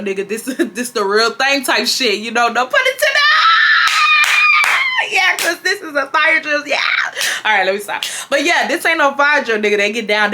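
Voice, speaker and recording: Brief: woman, 20s, vlogger, bright edgy voice, animated and profane storyteller. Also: medium pitch. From Houston, Texas. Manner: animated, profane, talks straight to viewers. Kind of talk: storytime vlog.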